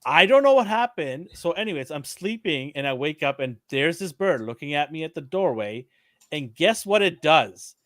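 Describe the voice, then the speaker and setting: A man co-hosting a podcast, telling a story in casual chat, animated and laughing, acting out the quotes. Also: fairly high pitch, moderate pace, no room sound, clean studio sound. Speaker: podcast co-host.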